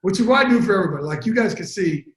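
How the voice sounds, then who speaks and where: A man telling stories as a guest in a casual, profane interview, animated and quick. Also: sits high, echoey room, low-quality recording. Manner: animated, profane, fast-talking storyteller. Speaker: interview guest, sports broadcaster. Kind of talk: casual storytelling chat.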